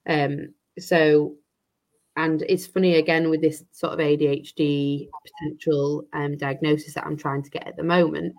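A woman's voice: deep voice, level tone, moderate pace, a little mellow. A woman, an estate agent, chatting as an interview guest, rambling with many restarts and fillers. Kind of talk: casual interview chat.

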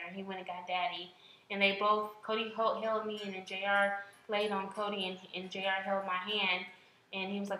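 Chatty young woman, bright voice. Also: mid-range voice, steady tone, moderate pace, roomy sound, slight background noise, poor audio. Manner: chatty, many fillers and restarts. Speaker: podcast co-host. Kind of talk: casual chat.

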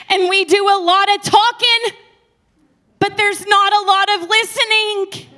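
A woman's voice: extremely high pitch, measured pace. Passionate woman preaching a sermon. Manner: passionate, swinging between soft and loud.

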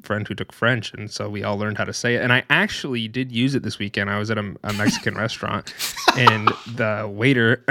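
A man's voice: fairly low pitch, fairly even intonation, a little fast, sharp tone, slight background noise. A young man co-hosting a podcast, telling rambling stories in casual chat and laughing often. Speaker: podcast co-host.

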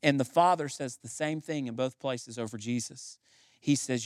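A man's voice: medium pitch, normal speed, no room sound, clean studio sound. A middle-aged man preaching a sermon as pastor, building to emphatic, repeated lines. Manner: preaching with rising emphasis and repetition.

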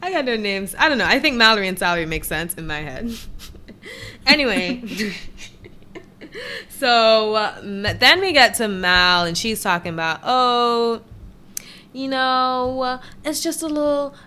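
A woman's voice: medium pitch, sing-song, normal speed, pauses often, pushed and bright, a little hiss or hum. A woman co-hosting a podcast, recapping a reality show in a teasing, giggly, mock-exasperated casual chat. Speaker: podcast co-host.

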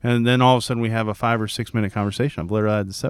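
A man in his thirties, a youth baseball coach, chatting casually and acting out conversations with lively voices. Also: on the low side, racing, clean tone, no room sound. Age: 30s. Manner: animated, acts out quoted dialogue. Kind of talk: casual podcast chat.

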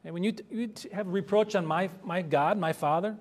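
Earnest higher-voiced male pastor. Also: brisk. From United States. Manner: earnest, conversational preaching with rising emphasis. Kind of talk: expository sermon.

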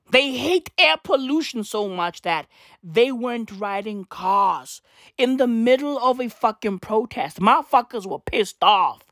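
Brief: woman comedian, slangy profane rant, unhurried pace, swooping pitch, dry close sound. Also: no room sound. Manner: slangy, swearing, animated riffing. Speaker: comedic vlogger.

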